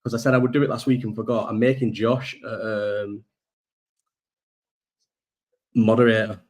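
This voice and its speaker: A man's voice: fairly low pitch, level tone, fairly quick. A man hosting a rambling, sweary live chat, bantering with viewers over a laptop's built-in mic. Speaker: livestream host. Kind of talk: casual live chat reading viewer comments. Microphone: laptop built-in microphone.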